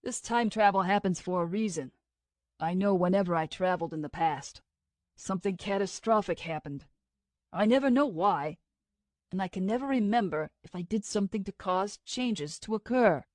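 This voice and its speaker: A woman's voice: mid-range voice, animated, moderate pace, a little mellow, dry recording, studio quality, close to an everyday voice. A woman reading the lines of a troubled man who speaks in an earnest, brooding way. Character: man, intense time traveler, troubled.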